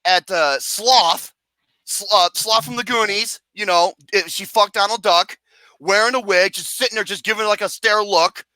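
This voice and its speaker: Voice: medium pitch, normal speed, bright, forceful tone, no room sound. A film reviewer ranting profanely and acting out scenes with mock wails and singing.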